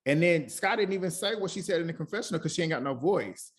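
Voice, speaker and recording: A man hosting a casual reality TV review chat, talking in an animated, gossipy way, laughing often and mimicking the cast. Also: fairly high pitch, quick pace. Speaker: host.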